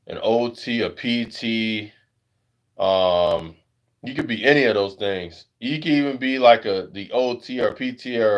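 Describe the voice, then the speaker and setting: An American man hosting a casual livestream chat. He rambles with lots of fillers and jumps into high-pitched voices when he acts out other people. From United States. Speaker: livestream host.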